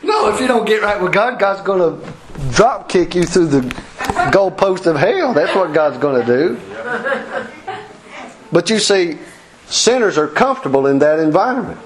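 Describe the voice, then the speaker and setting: A man preaching in a folksy, animated way. His pitch swoops widely as he acts out quotes and chuckles between points. His voice sits a little high. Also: normal speed, pauses often, crowd noise, poor audio. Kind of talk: sermon.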